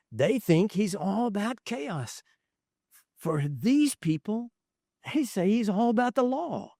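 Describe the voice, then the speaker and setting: Animated man preaching a leadership sermon. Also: a little high, no echo, studio quality. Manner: animated storyteller, acts out quoted voices, chuckles. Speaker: pastor speaking on leadership. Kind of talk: conference sermon.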